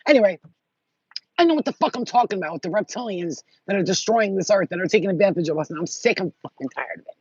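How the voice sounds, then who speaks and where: A woman's voice: mid-range voice, animated, fast talker, breathy edge, no room sound. A woman vlogger talking in a blunt, profane, rambling casual monologue. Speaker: spiritual vlogger. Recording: dull lo-fi audio.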